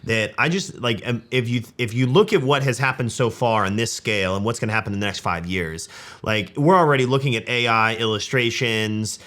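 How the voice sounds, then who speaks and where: A man's voice: lowish voice, fairly quick, a bit bright. A man hosting an interview, thinking aloud in a casual, wondering way. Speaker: host.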